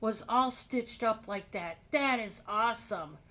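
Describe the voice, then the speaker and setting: A woman voicing an eager, friendly young man who talks brightly and enthusiastically. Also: a little high, unhurried. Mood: enthusiastic.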